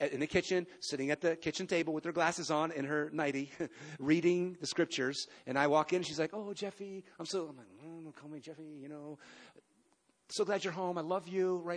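A man in his fifties preaches in a large church, his storytelling animated, marked by emphatic pauses and sudden loud bursts. He speaks at a fairly high pitch.

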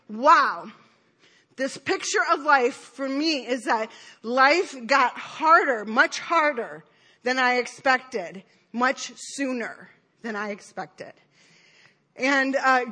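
A woman's voice: sits high, pushed and bright. A woman preaching a conversational sermon, rambling through a self-deprecating personal story with many fillers and asides. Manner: self-deprecating, laughing at herself. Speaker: speaker at church.

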